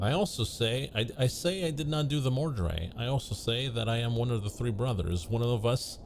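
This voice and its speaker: A man voicing a solemn talking tree in a game, speaking slowly in an old-fashioned thee-and-thou style. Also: medium pitch, lively intonation, background noise, lightly acted.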